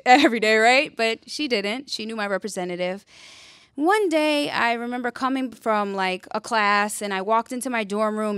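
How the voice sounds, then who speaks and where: A young woman shares a personal story on stage in a plain, conversational voice of middle pitch. She sinks soft and low on the hardest memories and brightens when she acts out scenes. The sound is dry and close. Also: no room sound. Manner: earnest, conversational, with fillers and rhetorical "right?"; drops quiet and low on painful memories, lifts for animated retelling. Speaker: speaker sharing her story.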